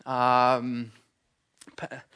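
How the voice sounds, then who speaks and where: A man's voice: medium pitch, completely flat delivery, very slow, pushed and bright, clear, resonant tone. A man preaching a sermon in a church, earnest and emphatic, with frequent fillers.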